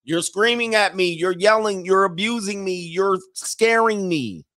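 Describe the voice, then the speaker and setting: A man doing a shrill whiny mocking woman. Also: measured pace, pushed and bright, slight background noise. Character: mocking impression of the complaining mother.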